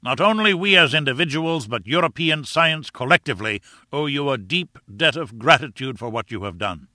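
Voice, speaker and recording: A man's voice: medium pitch, animated, normal speed, pushed and bright, dry recording, studio quality, voice pushed up. A man voicing a pompous, self-important elderly professor in an audiobook, declaiming grandly.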